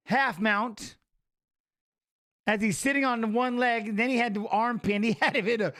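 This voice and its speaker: Man, high-pitched voice, casual fight commentary, blunt and salty, storytelling host. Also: steady tone, moderate pace, pushed and bright. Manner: blunt and profane, mixing call-outs with life stories. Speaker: watch-along host.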